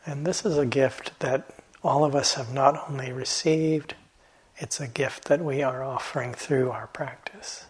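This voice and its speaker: A man teaching meditation in a gentle, reflective dharma talk, halting often and letting phrases trail off softly. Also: medium pitch, steady tone, slightly rough, low-quality recording. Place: meditation hall.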